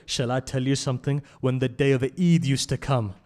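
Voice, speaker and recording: A man giving a mourning sermon that moves from hushed, low telling to loud, high, tearful pleading, choked with tears. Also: level tone, normal speed. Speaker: speaker at a memorial gathering. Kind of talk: Shia majlis sermon with mournful recitation.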